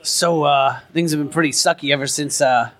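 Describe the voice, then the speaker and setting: A man's voice: on the high side, steady tone, normal speed, fairly bright tone, close to an everyday voice. A man playing a muddled guild thief. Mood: puzzled. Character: male thieves guild member, slow and confused.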